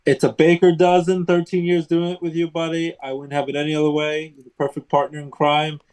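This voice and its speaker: A man's voice: fairly high pitch, flat delivery, brisk, smooth, low-quality recording. A man in his thirties co-hosting a casual sports talk show, chatty with frequent uh fillers. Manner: chatty, warm, hesitant with fillers.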